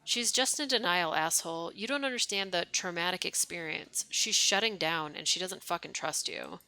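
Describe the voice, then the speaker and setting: A woman voicing a sharp, commanding young woman in a game, reading firmly. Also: fairly low pitch, normal speed, low-quality recording.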